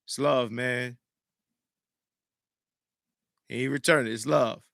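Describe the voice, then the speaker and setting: A man hosting a podcast, commenting on a clip in an emphatic, animated way, swinging between loud remarks and hushed asides. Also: mid-range voice, normal speed, creaky, dry recording, clean studio sound. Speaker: podcast host reacting to a clip. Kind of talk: casual commentary.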